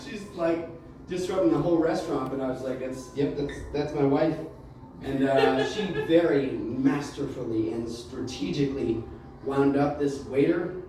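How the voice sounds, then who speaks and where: A man's voice: mid-range voice, mellow. Rambling stand-up comedian man, roomy sound. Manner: rambling storyteller, loose and halting, lots of "like". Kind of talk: stand-up set. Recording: roomy, distant mic with faint room noise.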